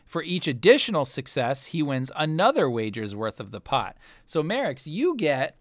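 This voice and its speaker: A man's voice: on the high side, sing-song, moderate pace, no room sound, clean studio sound. A man narrating a tabletop game as game master, casual with filler words.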